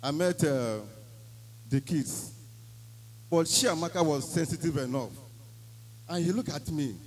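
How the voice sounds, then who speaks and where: A man's voice: a little high, measured pace, rough recording. A man with a Nigerian accent giving an emphatic church testimony, slipping into Pidgin phrases as he tells his story.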